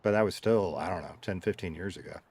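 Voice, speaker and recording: Here a middle-aged Southern US streamer chats casually with his live audience while reading chat, joking and rambling through stories. His low-pitched voice moves at a quick pace, a little mellow with a breathy edge, and his drawl shifts between heavy and light.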